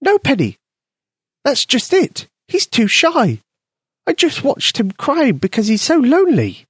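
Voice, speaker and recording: A squeaky, eager little mouse. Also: male voice, a little slow, husky, dry recording, clean studio sound, heavily acted. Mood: urgent. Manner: squeaky, excited. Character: eager little male house mouse, kind-hearted.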